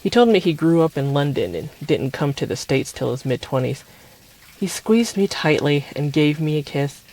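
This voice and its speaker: A man calmly reading a first-person story aloud as storyteller. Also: on the high side, normal speed. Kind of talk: calm read-aloud storytelling.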